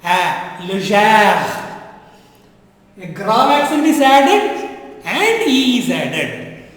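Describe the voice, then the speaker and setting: A man teaching a French lesson in a classroom style, drilling words slowly and again and again and quizzing the students. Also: very high-pitched. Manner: slow, repetitive drilling with quizzing questions. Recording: very echoey room with long reverb.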